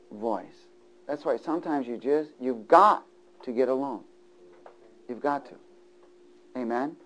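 Middle-aged male preacher, slightly high voice; big volume swings from fervent to hushed. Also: rough recording. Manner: swings from loud preaching to hushed, near-whispered lines. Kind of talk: sermon.

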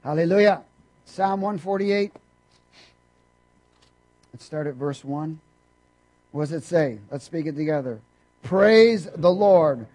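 A man preaching a sermon, quizzing his congregation and swinging between loud emphasis and hushed asides. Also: on the high side, unhurried, long pauses, rough recording. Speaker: pastor.

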